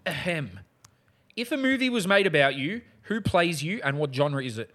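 A young man hosts a relaxed interview chat. His voice sits a touch high for a man, and his delivery is easygoing and conversational. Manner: laid-back, chatty, quick to laugh. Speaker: podcast host.

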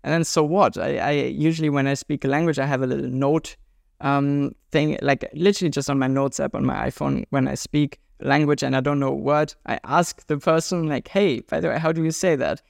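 A juggler and world traveler in his twenties, this German guest talks fairly quickly with vocal fry and a German accent, recorded dry in a clean studio. His interview chat is casual and upbeat, and his pitch leaps higher whenever he gets excited.

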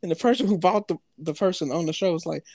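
The co-host of this podcast swaps stories in a loose, slangy way and laughs a lot in the casual chat. He speaks at a quick pace in a slightly high, a little mellow voice. No room sound is audible.

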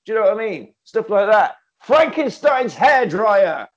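A man's voice: sits high, normal speed, highs cut off. A man co-hosting a casual chat, retelling a film with lots of laughter and swearing. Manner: animated, acts out characters in quotes, laughs often, swears. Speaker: podcast co-host.

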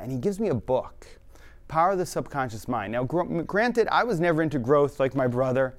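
A young man with a slightly higher voice, talking fast and earnestly through a personal story. He gives the odd self-aware laugh as he goes. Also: lively intonation. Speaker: speaker telling his life story.

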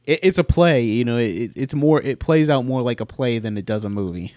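A man's voice: medium pitch, expressive, brisk, darkish tone, no echo, clean studio sound. A man chatting casually about films with a friend, swearing freely and often trailing off to restart his sentences. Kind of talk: casual chat.

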